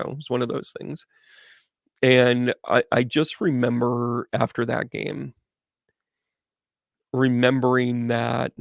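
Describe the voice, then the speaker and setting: Hosting a casual storytelling session before a live audience, this middle-aged man of medium build rambles chattily and keeps restarting. He has a gravelly, medium-pitched voice, captured in studio quality without any room sound.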